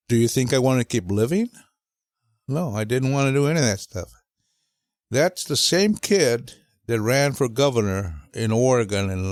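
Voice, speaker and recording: Older man telling animated family stories. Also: on the low side, no room sound, studio quality. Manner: animated storyteller who acts out voices. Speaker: guest father telling stories. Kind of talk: storytelling chat.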